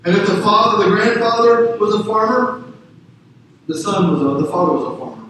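A man's voice: sits high, a little fast, a bit bright, slight background noise. A man preaching a sermon, emphatic and repeating his key phrases for effect. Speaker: pastor. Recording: echoey room heard from a distance.

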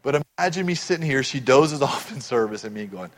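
A middle-aged male pastor preaching a sermon, swinging from hushed, tender asides to loud, rising build-ups. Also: medium pitch, fairly quick, hardly any pauses, long reverb tail.

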